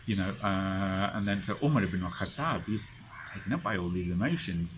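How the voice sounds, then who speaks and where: A British man teaching a study circle, retelling history in a casual, animated way and acting out the quoted dialogue. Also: lowish voice, background noise. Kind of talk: casual lecture storytelling.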